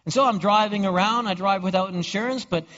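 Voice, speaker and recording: A high-voiced pastor preaching a sermon, posing rhetorical questions and stumbling over repeated words. The sound is dull and heard with a long, echoing hall reverb. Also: male voice, brisk, fairly bright tone.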